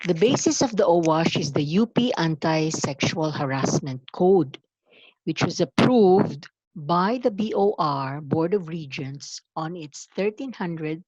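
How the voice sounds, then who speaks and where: A woman giving a formal orientation lecture, deliberate and emphatic, stressing key words. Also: low-pitched, darkish tone, breathy edge, no room sound, rough recording. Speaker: university anti-harassment office coordinator.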